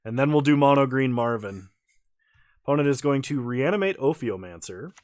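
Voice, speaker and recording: A man's voice: medium pitch, normal speed, no room sound. A man streaming a card game with casual commentary, laughing often and a little tipsy after a few beers. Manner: laughs often, relaxed and chatty.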